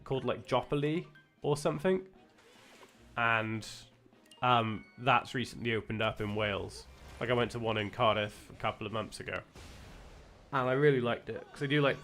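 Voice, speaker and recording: Faint music plays behind a young man with a British accent as he streams a game and chats, rambling and often correcting himself or starting over. He speaks at a moderate pace in a fairly low, fairly bright voice.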